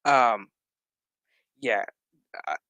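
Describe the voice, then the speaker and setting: A man's voice: mid-range voice, very slow, no echo. A man casually recapping a TV episode, swearing a lot, ranting and acting out the characters' lines. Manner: animated, swearing, acts out dialogue; exasperated rant. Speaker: show recap host.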